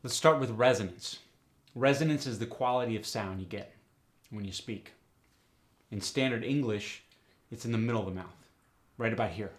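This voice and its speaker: A man's voice: fairly low pitch, normal speed, long pauses, soft background music. A middle-aged man giving a step-by-step accent lesson, explaining methodically with examples. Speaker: accent coach. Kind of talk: instructional explanation.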